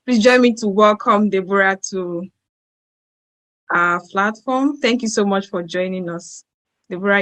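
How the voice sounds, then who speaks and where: A woman's voice: mid-range voice, a bit bright, rough recording. Hesitant woman hosting an online event. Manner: hesitant, apologetic, frequent restarts. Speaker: event host.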